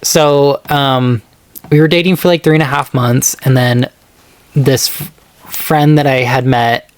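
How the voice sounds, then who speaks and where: A man's voice: fairly even intonation, a little slow, clear, resonant tone, no room sound. A man co-hosting a podcast, telling a personal story in a casual, rambling way, full of fillers and acted-out quotes. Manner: rambling, filler-heavy, acts out quoted texts in a higher voice. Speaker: podcast co-host.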